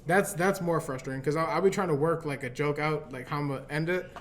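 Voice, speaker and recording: Higher-voiced man ranting comically. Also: fairly quick. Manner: animated ranting, heavy swearing. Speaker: comedian, podcast guest. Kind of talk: casual comedy chat.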